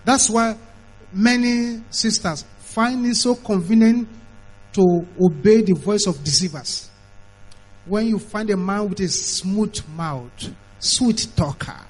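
A man's voice: sits high, slow pace, poor audio. A middle-aged man, preaching an emphatic sermon that is full of repetition and mimicked voices.

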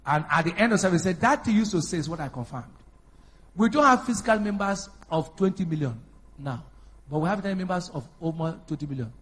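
A pastor with a high, husky voice preaches a sermon, animated and fast. He calls out questions for the congregation to answer and swells into loud, emphatic bursts, moving between quiet asides and forceful preaching.

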